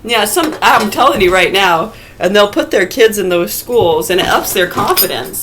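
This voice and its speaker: A woman's voice: mid-range voice, expressive, moderate pace, background noise. A woman in a casual ranting monologue, blunt and profane, firing rhetorical questions at imagined listeners. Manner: argumentative, talks to absent listeners.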